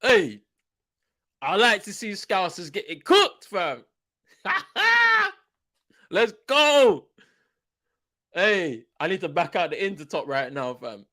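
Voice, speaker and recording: Young man, watchalong host; slangy, excitable, repeats lines, jumps from shouts to mutters. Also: on the high side, a little slow. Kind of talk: live football watchalong commentary.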